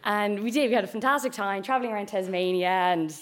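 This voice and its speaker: A woman's voice: mid-range voice, fast talker. A young woman with an Irish accent telling a story, chatty and full of asides. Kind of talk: live storytelling.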